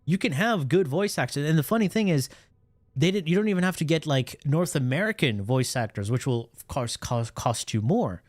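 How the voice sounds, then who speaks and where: A man livestreams and reacts in a casual chat, animated and profane, his pitch swinging up and down. He speaks at normal speed, and the sound is clean studio quality with no echo.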